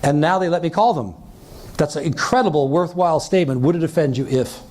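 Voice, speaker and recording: Guy running a sales seminar, rapid-fire, kinda high voice, keeps going "right?". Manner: energetic, acts out quoted dialogue, keeps checking in with "right?". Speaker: sales trainer. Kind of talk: seminar talk to a live audience.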